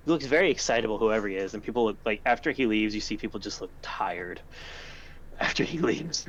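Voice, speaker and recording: A man's voice: lowish voice, animated, brisk, a bit bright, slight background noise. Rambling game-master man, muffled recording. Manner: loose, rambling description with many fillers. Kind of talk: narrating a tabletop game.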